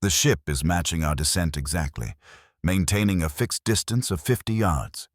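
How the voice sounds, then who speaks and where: A man's voice: sits low, moderate pace, no echo, studio quality. A man voicing a young, frightened navy lieutenant who reports sonar readings in a tense, urgent way. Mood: uneasy.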